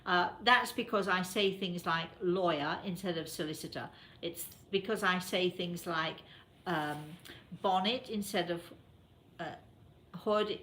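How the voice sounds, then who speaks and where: A woman's voice: fairly low pitch, a little slow, fairly bright tone, slight background noise. A woman from England with a British accent, hosting a talk show in a chatty way, addressing listeners directly with many fillers. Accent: British English. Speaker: host. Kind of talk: casual radio show talk.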